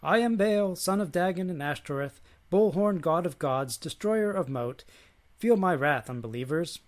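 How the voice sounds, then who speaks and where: A man reading aloud and voicing a loud, boastful horned male god who roars his lines. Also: a little high, brisk. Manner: roaring, bombastic.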